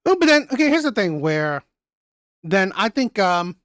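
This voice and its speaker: A woman's voice: mid-range voice, very animated, moderate pace, dry recording. A woman hosting a reaction video, ranting heatedly with a lot of profanity and stumbling restarts. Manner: heated, profane, self-interrupting. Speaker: reaction channel host.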